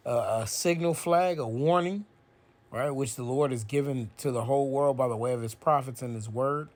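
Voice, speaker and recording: A man of ordinary pitch teaching scripture in a loose, conversational way. He reads verses slowly and with weight, then breaks into casual explanation, checking in with "right?" as he goes. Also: darkish tone. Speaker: bible teacher. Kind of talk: informal scripture lesson.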